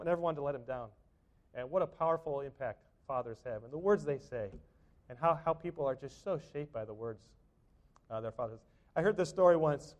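A man's voice: mid-range voice, a little mellow. A middle-aged man preaching a sermon in a church, talking in a conversational way with frequent restarts and fillers. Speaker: pastor. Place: church sanctuary.

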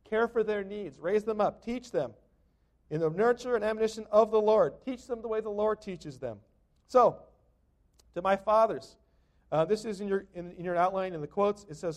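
A middle-aged man delivers a sermon from the pulpit in a notably high voice. He preaches conversationally as a pastor and keeps checking in with his listeners through rhetorical tag questions. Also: normal speed.

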